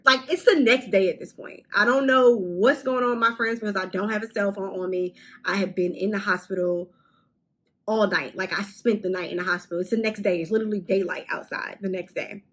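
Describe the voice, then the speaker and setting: A young woman talks straight to her camera, telling a storytime vlog in a candid, animated way. She swears casually and her voice sits at an ordinary middle pitch for a woman. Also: fairly quick, rough recording. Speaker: vlogger.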